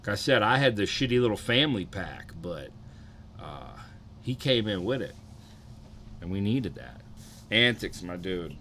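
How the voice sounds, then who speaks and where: Laid-back streamer man, bright tone. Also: fairly low pitch, big pitch swings, unhurried, pauses often, slight background noise. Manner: laid-back, rambling, swears often, greets chatters. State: slightly hungover, sluggish. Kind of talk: casual live-stream chat.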